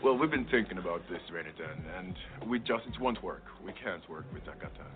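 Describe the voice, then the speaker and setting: A cool crime boss turns words down firmly and formally, quick and lively in pitch. It is a tinny film clip with clear music behind. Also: male voice. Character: firm male crime boss turning down a deal.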